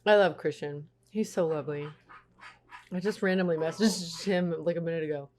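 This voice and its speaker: Woman, live streamer, chatty, lowish voice, reads chat aloud. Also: moderate pace, a little mellow, a little hiss or hum.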